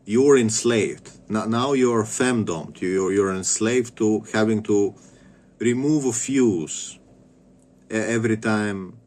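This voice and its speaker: Sex: man. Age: 30s. Origin: Bulgaria. Pitch: low. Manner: crude, rambling rant with stammered repeats. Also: slow pace, a little mellow. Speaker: vlogger. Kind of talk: casual rant.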